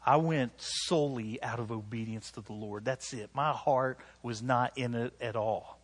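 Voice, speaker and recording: A male pastor preaching with a slightly husky voice. He tells a story against himself with lively, animated delivery and acts out quotes, then moves into an earnest invitation to prayer. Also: medium pitch, moderate pace. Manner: animated, self-deprecating storytelling with acted-out quotes. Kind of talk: sermon.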